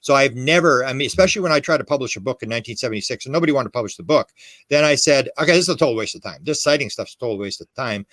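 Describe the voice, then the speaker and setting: A man's voice: medium pitch, lively intonation, very fast, fairly bright tone, no room sound. A man talking as a podcast guest, telling stories in an emphatic, rambling way with quoted dialogue and restarts. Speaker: podcast guest, UFO historian. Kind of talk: animated conversational storytelling.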